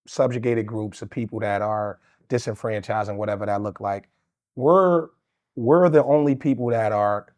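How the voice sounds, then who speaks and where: A man's voice: lowish voice, a little mellow. A man, a union leader in a casual interview, blunt, profane and argumentative. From Queens, New York.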